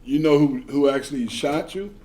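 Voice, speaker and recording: Higher-pitched male interview host. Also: moderate pace, darkish tone. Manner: short affirming replies, stumbling questions. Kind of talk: interview hosting.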